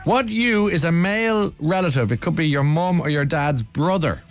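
A man's voice: fairly high pitch, animated, normal speed, music in the background. A man hosting a radio phone-in, joking with a young caller and tripping over his words. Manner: teasing, jokey, stumbles over words. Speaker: radio host. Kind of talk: playful radio phone-in chat.

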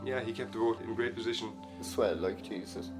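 A man's voice: on the low side, fairly quick, soft background music, low-quality recording. Casual lifeboat crewman. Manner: casual, conversational. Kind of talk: interview.

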